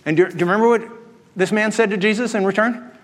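A man's voice: high-pitched, steady tone, quick pace. A male pastor preaching a sermon in a conversational way, asking the congregation questions. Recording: long hall reverb.

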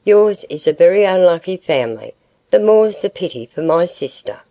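A woman reading the part of a sharp-tongued, severe matron who judges curtly and with decision. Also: lowish voice, expressive, a little slow. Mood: severe disapproval. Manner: curt, decisive, disapproving.

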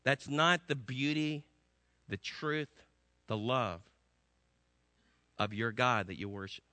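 A man preaching a sermon to a congregation, telling a story with emphatic swings between loud and hushed delivery. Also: mid-range voice, slow pace, no echo. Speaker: pastor.

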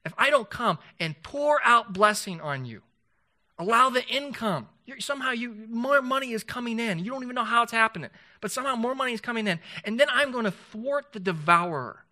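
A man's voice: extremely high pitch, animated, brisk, sharp tone, voice pushed up, heavily acted. A man voicing God speaking to his people, emphatic and insistent, his words rising as he presses the point.

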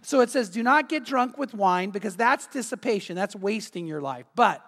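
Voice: medium pitch, expressive, moderate pace, few pauses, a bit bright, long reverb tail. A pastor giving an earnest, conversational sermon full of rhetorical questions to the congregation.

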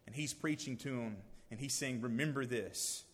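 A man giving a sermon, swinging from loud emphasis to hushed, near-whispered lines. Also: medium pitch, normal speed, husky, long reverb tail. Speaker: lay preacher.

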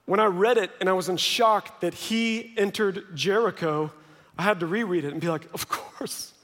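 A man's voice: sits high, moderate pace. A man in his thirties preaching a sermon as a pastor, telling family stories with joking asides. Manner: lively storytelling with joking asides. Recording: long reverb of a large hall.

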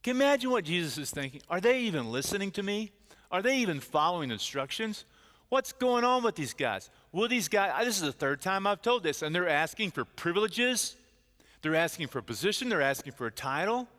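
High bright-voiced guy preaching, acts out the characters, church hall reverb. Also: brisk. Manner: animated storyteller, acting out quoted voices. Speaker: pastor. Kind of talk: sermon.

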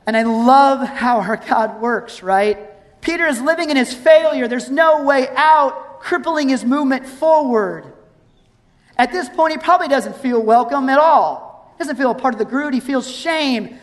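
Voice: mid-range voice, normal speed. A pastor preaching a sermon, retelling scripture as a story and acting out its scenes. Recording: long hall reverb.

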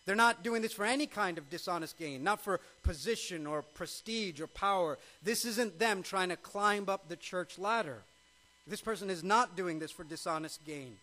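A man's voice: high-pitched, moderate pace, sharp tone, low-quality recording. A male pastor preaching a sermon, emphatic, with frequent rhetorical questions.

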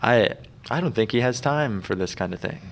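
A man with a mid-range voice and vocal fry co-hosts a podcast, speaking at a normal speed. He chats casually about a TV episode, trading relaxed banter and laughing a lot.

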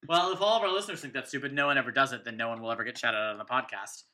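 A man co-hosting a podcast in casual chat, animated and jokey, quick to laugh. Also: mid-range voice. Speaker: podcast co-host.

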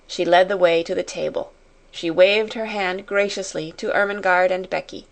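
A woman narrating an audiobook in a slow, measured reading voice. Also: fairly low pitch, fairly even intonation. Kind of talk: scripted narration.

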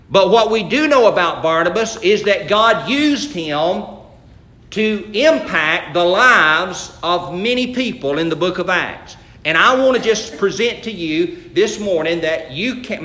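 A man preaches a sermon to his congregation in a folksy, conversational way, often restarting his sentences. His voice is high and bright. The words echo through a church sanctuary. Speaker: pastor.

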